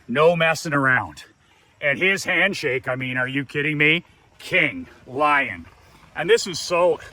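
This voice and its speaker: Emphatic man with a bright, forceful voice. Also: mid-range voice. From Canada. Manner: emphatic, repeats words for effect. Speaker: business coach telling a story. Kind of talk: casual storytelling.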